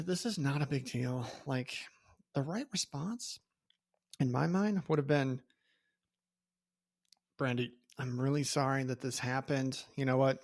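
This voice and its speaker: A man's voice: a little high, creaky. A man hosting his own podcast, telling a story alone in a loose, conversational way and often checking in with "okay?". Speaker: podcast host. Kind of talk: casual solo storytelling.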